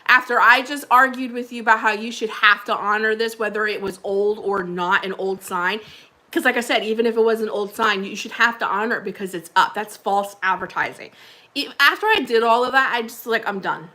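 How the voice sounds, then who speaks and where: Chatty lady on a livestream, rambly, laughs a lot, bright voice. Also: fairly high pitch, a little fast. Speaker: livestream host. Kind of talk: casual livestream chat with viewers.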